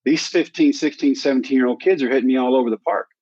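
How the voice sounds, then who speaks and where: Man around 60, guest storyteller, acts out quotes, mid pitch, dry close sound, slightly muffled. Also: fast talker, breathy edge, no echo. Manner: animated storyteller who acts out quoted dialogue. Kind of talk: storytelling in a sit-down conversation. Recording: dry, slightly dull recording.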